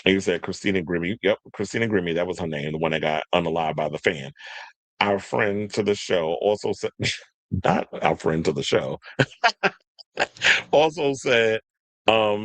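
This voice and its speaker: A man with a fairly low voice hosts a loose commentary chat. He talks in an animated, joking way, slipping into mocking impressions. The sound is close and dry. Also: normal speed, pauses often, dry recording. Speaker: podcast host.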